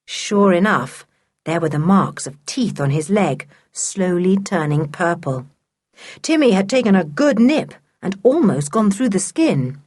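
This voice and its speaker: Brief: an animated female audiobook narrator with a husky voice. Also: lowish voice, a little slow. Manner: lively storytelling. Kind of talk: scripted narration.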